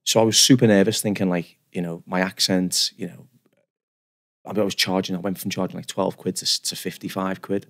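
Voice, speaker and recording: A man, sitting in as a guest on a chatty podcast. He talks fast and tumbles through his stories with restarts, poking fun at himself, and his lowish voice carries a gravelly edge. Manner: animated, self-deprecating, rambling with restarts. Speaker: guest barber. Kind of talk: casual podcast storytelling.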